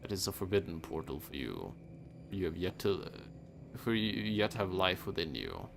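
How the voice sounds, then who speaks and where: A man voicing a hooded male Reaper from a fantasy game, speaking slow and formal. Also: deep voice, very animated, gravelly, noisy background, voice pushed down, heavily acted. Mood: solemn. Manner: slow, hushed, formal old-style speech. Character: hooded male Reaper, enigmatic, solemn, apologetic. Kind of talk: game dialogue read aloud.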